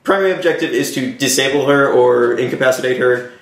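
A man's voice: mid-range voice, brisk, vocal fry. A man playing a tabletop game, laying out his plans step by step. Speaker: player. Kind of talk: casual tabletop game talk. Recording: echoey room.

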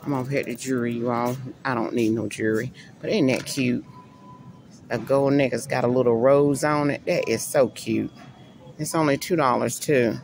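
A middle-aged woman with an extremely low-pitched voice vlogs casually from a large store, musing aloud to viewers about what to buy. Store ambience fills the background, and the poor audio has a little hiss or hum.

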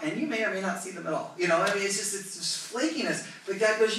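A man from California, a pastor preaching a lively, conversational sermon with asides to his congregation. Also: high-pitched, quick pace, few pauses, a little hiss or hum. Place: church sanctuary. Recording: echoey church hall, voice from a distance.

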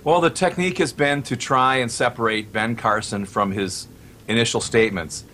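A man who heads a radio station, speaking as a talk show guest in a measured, deliberate way. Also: mid-range voice, pushed and bright, a little hiss or hum.

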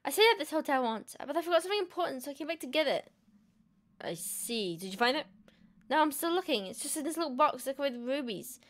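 A woman's voice: sits high, big pitch swings, fast talker, fairly bright tone. A woman voicing a young girl in a horror game who is searching a hotel and asks for help.

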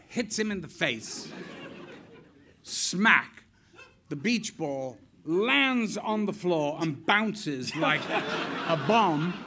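An older man telling lively anecdotes on stage, laughing as he goes. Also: high-pitched, vocal fry, a little hiss or hum. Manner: animated, laughing as he tells stories. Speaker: guest actor. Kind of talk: onstage anecdotal storytelling. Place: stage event before an audience.

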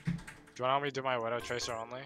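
A man in a gaming voice chat, hyping plays and reacting quickly to the match. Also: medium pitch, level tone, bright, forceful tone. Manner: rapid, hyped commentary. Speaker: gaming teammate. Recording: game music behind voice.

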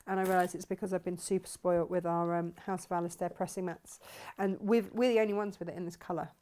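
A woman's voice: on the low side, fairly even intonation, fast talker, a little mellow. A woman hosts a live sewing demonstration, chatting enthusiastically and thinking aloud as she works. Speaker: craft shop host demonstrating sewing.

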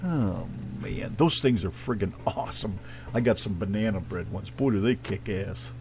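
A man's voice: on the low side, moderate pace, gravelly, darkish tone. An American man in middle age hosts an internet radio show from his truck. He talks in a loose, rambling way, full of jokes and swearing. A faint hum sits behind his voice. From United States. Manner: rambling, profane, joking. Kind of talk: casual talk radio banter.

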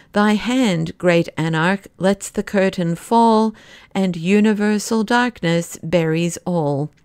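A woman voicing a dreamy, mournful old male professor who recites verse slowly. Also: medium pitch, a little mellow, no room sound, clean studio sound, lightly acted.

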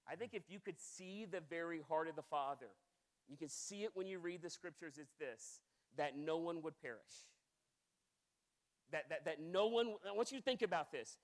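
A man's voice: fairly high pitch, normal speed. A man in his thirties preaching a sermon with passion, often repeating words as he builds intensity. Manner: impassioned, repeats words when worked up.

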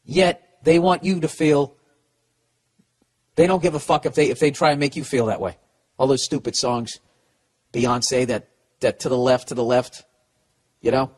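Profane ranting comedian with a Boston accent. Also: male voice, mid-range voice, steady tone, moderate pace, long pauses. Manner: profane, ranting, stammering restarts. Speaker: podcast host. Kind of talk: comedic advice rant.

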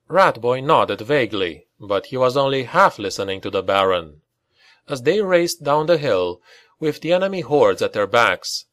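A man narrating a dark fantasy audiobook in a grave, dramatic storytelling manner. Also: mid-range voice.

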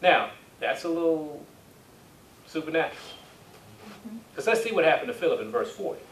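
His voice runs high and swings widely in pitch as he preaches at a moderate pace. Reading King James scripture, he leads call-and-response, prompting amens from the congregation, all heard through a distant mic in an echoey hall with faint hiss.

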